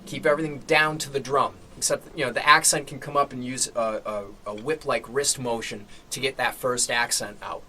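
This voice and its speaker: A man explains a drum technique in a bright, forceful voice, walking through each step and pausing to check in with "okay?". A faint hiss of room noise sits under his voice. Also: medium pitch. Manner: relaxed explaining, frequent "okay?" check-ins. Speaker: drum teacher. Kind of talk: instructional drum lesson.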